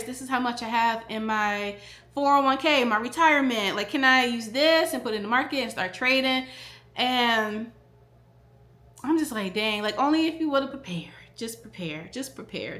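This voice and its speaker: A woman teaching stock trading in a casual vlog, her voice high and bright with a forceful edge. She leans on her points and repeats them for emphasis. The sound bounces around an echoey room. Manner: emphatic, repeats key phrases, talks straight to viewers. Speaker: stock trading educator and vlogger. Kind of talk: casual direct-to-camera talk.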